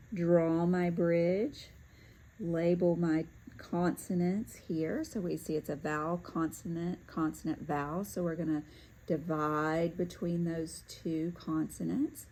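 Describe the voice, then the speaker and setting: A woman teaching a lesson, talking through each step calmly as she works, with occasional fillers and self-corrections. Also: low voice, low-quality recording. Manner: talks to herself while working through steps, with fillers. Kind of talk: step-by-step classroom demonstration.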